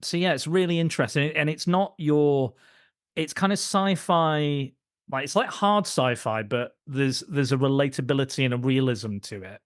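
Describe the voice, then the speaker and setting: A man's voice: on the high side, clean tone, no echo, clean studio sound. Chatty male podcast host. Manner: rambling, self-interrupting, quick to laugh. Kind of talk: casual film podcast chat.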